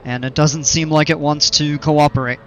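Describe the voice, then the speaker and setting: A man's voice: a little high, fairly even intonation, normal speed, fairly bright tone, highs cut off. A man chatting casually on a live game stream through a headset, chuckling a lot and trailing off mid-sentence.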